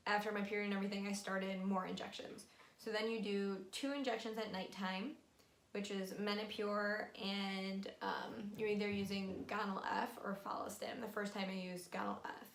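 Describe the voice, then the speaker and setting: A woman's voice: mid-range voice, little pitch movement, moderate pace, gravelly, fairly bright tone. A young woman vlogging casually and frankly, with many fillers. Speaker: vlogger sharing her fertility treatment. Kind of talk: casual explainer vlog. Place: room at home. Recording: echoey room, faint music.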